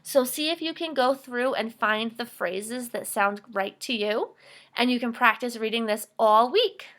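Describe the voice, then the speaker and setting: A woman teaching young children to read aloud, her voice bright and crisp. She talks clearly and warmly encourages the class, sitting a little above the usual pitch for a woman. She slows down to model each line with lots of expression. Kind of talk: reading fluency lesson for children.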